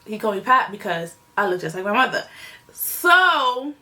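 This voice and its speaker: A woman's voice: mid-range voice, big pitch swings, normal speed, sharp tone. A young woman telling a personal story on her own channel in a casual, emotional, rambling way, with many fillers. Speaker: vlogger.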